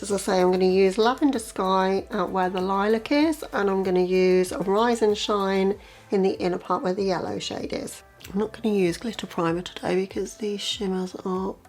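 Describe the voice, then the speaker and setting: A woman vlogger talks through a makeup tutorial in a mid-range voice at normal speed, with soft music behind her. Her commentary is chatty and conversational, often quiet and half-murmured as she applies makeup, and she keeps repeating "as I say."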